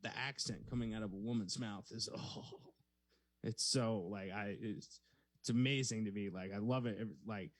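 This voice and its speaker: A man's voice: fairly low pitch, steady tone, normal speed. A man co-hosting a comedy podcast in casual chat, hesitant and full of fillers, laughing often. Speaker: podcast co-host.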